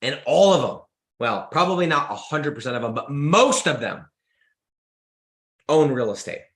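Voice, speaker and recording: A young man hosting a podcast, delivering an excitable motivational monologue with lots of emphatic repetition. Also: medium pitch, moderate pace, roomy sound. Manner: excitable, emphatic, repeats words when pumped. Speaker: podcast host.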